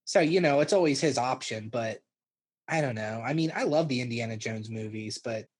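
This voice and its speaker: A man's voice: mid-range voice, moderate pace. A man in his thirties co-hosting a podcast, rambling in an easygoing way with chuckles. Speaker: podcast co-host. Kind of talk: casual banter.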